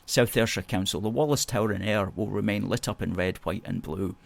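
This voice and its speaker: Lower-voiced man hosting a chat show. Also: fairly quick, gravelly, dry recording. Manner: emphatic, repeats phrases and agreement words. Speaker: host. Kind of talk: live chat show reading out viewer comments.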